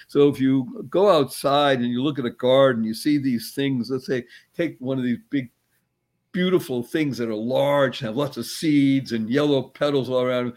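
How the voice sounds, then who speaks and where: A man giving an animated, uplifting motivational talk as a guest. He quizzes his listener playfully and slows and stretches words to stress a point. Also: mid-range voice. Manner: playful, teacherly, quizzes the host; spiritual, uplifting tone. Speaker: guest speaker.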